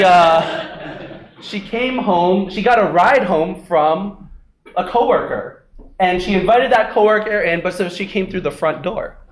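Pastor guy with a high voice, chatty sermon, keeps saying right?, tells stories animated. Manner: conversational, frequent "right?" asides; animated storytelling, acts out voices. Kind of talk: sermon with prayer and personal story.

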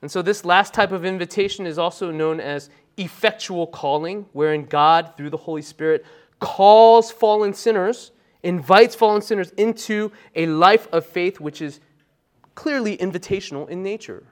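Male pastor, sermon delivery, voice a bit on the high side, conversational asides, sudden loud emphatic bursts. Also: normal speed. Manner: emphatic, conversational preaching with frequent "right?" asides.

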